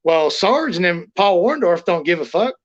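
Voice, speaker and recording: Male guest, high voice, brash and profane storyteller, dull lo-fi sound. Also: sing-song, moderate pace. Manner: blunt, swears constantly, acts out quotes loudly. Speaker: interview guest, former wrestler.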